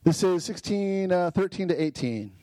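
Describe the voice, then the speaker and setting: A man's voice: high-pitched, expressive, normal speed, warm tone, dry recording, rough recording. Upbeat man teaching a casual Bible lesson. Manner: enthusiastic, frequent "right?" tag questions.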